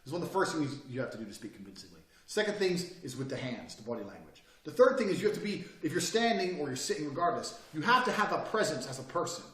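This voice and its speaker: Brash profane male course presenter, lively swinging delivery, echoey room, mic at a distance. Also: a little high, quick pace, few pauses. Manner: brash, profane, emphatic, mocks hesitant speakers. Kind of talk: lecture on body language and speaking. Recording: roomy echo, mic at a distance.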